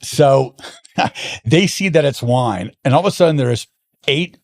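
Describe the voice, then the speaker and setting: A man's voice: mid-range voice, unhurried. A man being interviewed, telling long stories in a casual chat with lots of restarts. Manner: animated anecdotes with frequent restarts. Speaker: guest, wine importer.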